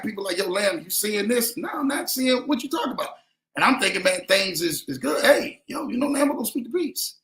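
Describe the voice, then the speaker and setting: Man, casual livestream host, animated and slangy, bright tone, roomy echo. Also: high-pitched. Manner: animated, slangy, speaks of himself in third person. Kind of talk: casual livestream chat reading comments. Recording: echoey room.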